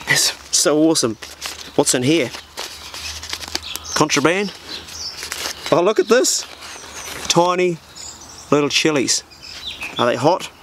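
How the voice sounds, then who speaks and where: This New Zealand vlogger has a slightly high voice with lively intonation, speaking slowly and pausing often against a noisy background. He's opening mail at an old farmhouse, chatting in a casual, blokey, slang-heavy style.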